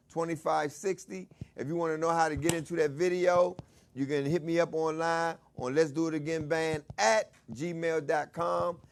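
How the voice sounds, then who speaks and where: Hype-calling DC show host man. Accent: Washington DC. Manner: loud hype calls, then relaxed low-key talk. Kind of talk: casual talk show monologue.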